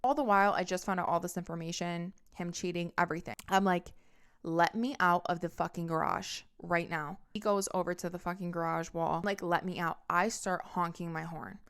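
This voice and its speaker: A woman's voice: fairly low pitch, steady tone, brisk, fairly bright tone, clear, resonant tone. A young woman telling a personal breakup story on her podcast, emphatic, with lots of swearing and acted-out quotes. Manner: acts out quotes and horn sounds. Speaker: podcast host. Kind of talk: storytime monologue.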